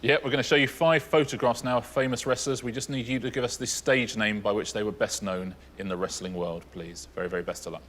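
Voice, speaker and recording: A man's voice: on the low side, steady tone, fast, few pauses, fairly bright tone, slight background noise. A man co-hosting a TV quiz show, chatty and enthusiastic as he explains the answers. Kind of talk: game show chat. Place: TV studio.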